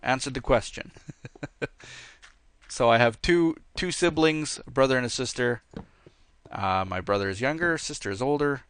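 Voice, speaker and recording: A man with a bright, crisp voice gives easygoing gameplay commentary, rambling through fan questions with plenty of ums. The recording is dry and close, with no room sound. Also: medium pitch, normal speed, pauses often, no room sound. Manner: rambling, easygoing, with many fillers. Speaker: let's play host. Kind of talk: casual gameplay commentary with viewer Q&A.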